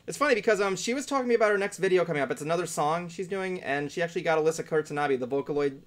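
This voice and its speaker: A man's voice: on the high side, animated, rapid-fire. A young man hosting a casual group podcast, reading out viewer questions and laughing often. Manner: laughs often, loose and rambling.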